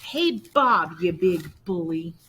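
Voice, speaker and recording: A feisty talking female dog, voiced by a woman in a storybook read aloud, scolding a bigger dog with loud, punchy words. The voice is raised and bright, with a lively, swooping pitch. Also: slow pace, slight background noise, full character voice. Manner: scolding, emphatic.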